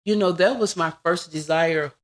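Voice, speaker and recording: A woman in her forties, a podcast guest, telling personal stories in a casual, animated way and acting out what people said. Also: fairly low pitch, normal speed. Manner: animated, acts out quoted dialogue. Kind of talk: casual interview storytelling.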